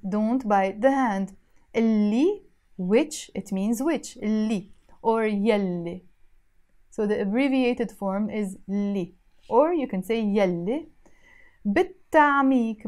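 A woman's voice: fairly high pitch, darkish tone. Patient woman teaching, phrase by phrase. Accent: Lebanese. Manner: patient, repeats each phrase slowly and breaks it down. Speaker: language teacher. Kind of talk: spoken language lesson.

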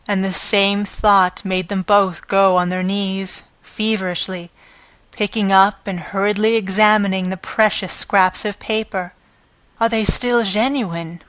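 A woman reads a classic novel aloud as an audiobook narrator, taking her time over every phrase. Her pitch sits in an ordinary middle range, and the recording is close and dry with no room sound. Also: little pitch movement, a little slow, fairly bright tone, dry recording.

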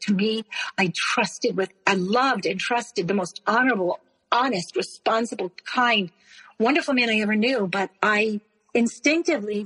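A woman tells her own story as a guest, breaking off and restarting often. Her voice is husky and breathy. The recording rings with a long reverb tail. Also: medium pitch, fairly bright tone. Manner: halting, with many restarts and repeated words. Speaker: interview guest. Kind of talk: emotional personal storytelling.

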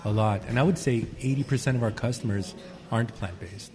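A man's voice: medium pitch, a little fast, music in the background. A man who runs a restaurant, chatting casually and easily about his menu. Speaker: restaurant owner. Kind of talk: casual chat. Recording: long reverb with crowd noise.

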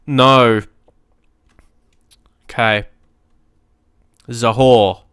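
A young man, giving casual, excitable commentary on a football management game and often laughing at himself. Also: medium pitch, smooth, dry recording, clean studio sound. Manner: excitable, quick to shout at match moments, laughs at himself. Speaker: gaming YouTuber.

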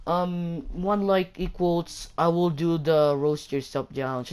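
A woman's voice: on the low side, fairly even intonation, takes it slowly, few pauses, darkish tone, smooth. A woman ranting in a casual vlog, rambling and exasperated, packed with fillers and repetition. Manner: exasperated, mocking. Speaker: YouTuber.

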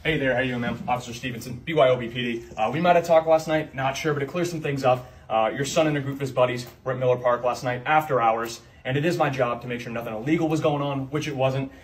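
A young man doing sketch comedy characters, jumping between loud yelling and low muttering. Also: fast talker, few pauses, echoey room, far from the mic.

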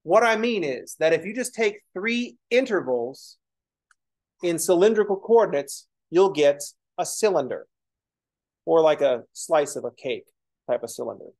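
A man's voice: a little high, lively intonation, a little slow, darkish tone. A man teaching a math lesson in a casual lecture style, explaining as he writes and slipping in joking, self-deprecating asides. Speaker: math instructor.

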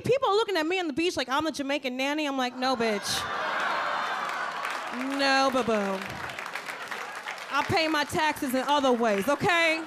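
A woman's voice: sits high, normal speed. A woman doing a stand-up comedy set in a comedy club, with a brash, profane and sassy delivery into a handheld stage mic. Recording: live club audio with crowd noise.

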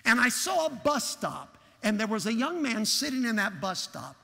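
Gravelly high-voiced preacher in a reverberant hall. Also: male voice, normal speed. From Texas. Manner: animated, acts out the dialogue of his story. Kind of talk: storytelling sermon. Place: large church sanctuary.

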